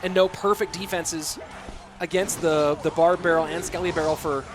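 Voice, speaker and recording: Between plays in a live game cast, this American man talks with his viewers and responds to their chat while music plays underneath. He has a fairly high pitch, fairly even intonation, and a moderate speed.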